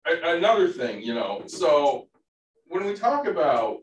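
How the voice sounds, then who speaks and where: A man who coaches baseball, co-hosting a casual podcast, telling stories in an animated way with casual swearing. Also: fairly high pitch, a little slow. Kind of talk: casual chat. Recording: roomy, distant from the mic.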